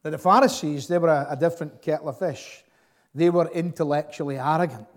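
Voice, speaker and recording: A man delivers a sermon in a slightly high voice. He preaches earnestly and emphatically, rising and falling in force, often stalling on fillers and repeated words as he presses his point. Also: fairly quick. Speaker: pastor.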